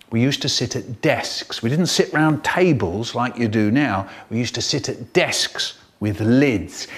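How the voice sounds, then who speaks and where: A man performing a children's story aloud in an animated, theatrical way, with punchy sound effects. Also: medium pitch.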